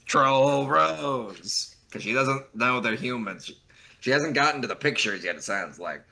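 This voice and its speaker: A man's voice: mid-range voice, animated, fairly quick, a crowd in the background. A man streaming, reading a webcomic aloud with casual asides and stumbling over odd words.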